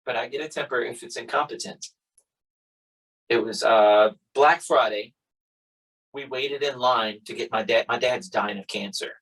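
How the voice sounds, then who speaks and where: A man's voice: mid-range voice, moderate pace, long pauses, husky, low-quality recording. A man hosting a podcast, chatting casually and acting out quoted exchanges as he tells stories. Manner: animated storyteller, acts out quotes. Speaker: podcast host. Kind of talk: casual chat.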